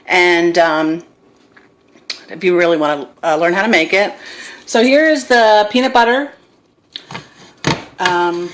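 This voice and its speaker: With a voice on the low side and slightly bright audio, a middle-aged woman records a casual cooking vlog on her phone in her kitchen. She rambles into self-deprecating stories as she goes.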